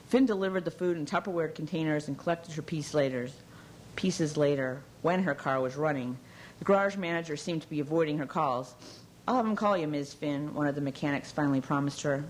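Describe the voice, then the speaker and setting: A woman narrating a novel aloud in a measured, even storytelling manner. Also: low voice, a little hiss or hum, rough recording. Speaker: audiobook narrator. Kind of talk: scripted narration.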